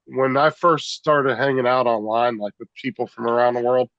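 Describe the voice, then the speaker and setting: A laid-back man talks loosely, peppering his speech with "like" and "dude" and the odd curse. His voice sits at an average pitch. The audio is dry and slightly muffled. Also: steady tone, normal speed, fairly bright tone, no room sound. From California, USA. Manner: laid-back, swears casually, says 'dude' and 'like'. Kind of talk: casual chat.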